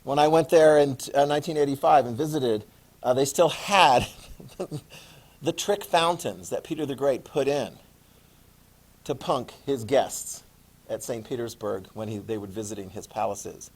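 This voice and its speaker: A man in his fifties giving a classroom history lecture, lively and joking, acting out quotes. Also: mid-range voice, unhurried. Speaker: history teacher.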